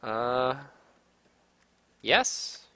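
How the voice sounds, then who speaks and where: A man's voice: mid-range voice, big pitch swings, extremely slow, bright, forceful tone, smooth, no echo. A man casually commenting on a game he is playing, reading its text aloud and reacting with sudden outbursts and swearing. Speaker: gaming streamer. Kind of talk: casual let's-play commentary.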